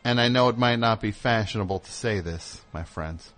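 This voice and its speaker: A man's voice: on the low side, normal speed, a bit bright, soft background music. A man hosting a call-in radio show, reading an ad with a jokey, rambling, mock-earnest manner. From United States.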